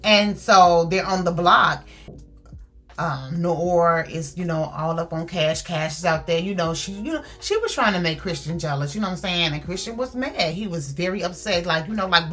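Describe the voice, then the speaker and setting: A woman's voice: lowish voice, moderate pace, fairly bright tone, soft background music. A woman chatting casually through a book review, retelling the story with lots of fillers.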